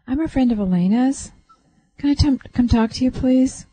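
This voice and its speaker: A woman on a call-in radio show gives a reading in a calm, reassuring voice. She passes on what she senses in soft layers. Her tone is dark and mellow, with a studio mic close up. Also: mid-range voice, moderate pace, no room sound, poor audio. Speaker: psychic radio host.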